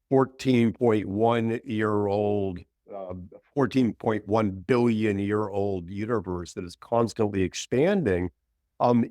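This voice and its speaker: A middle-aged man, a minister guest on an interview show, telling a story thoughtfully with frequent pauses and ums. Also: lowish voice, a little mellow, dry recording, clean studio sound. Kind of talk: conversational interview.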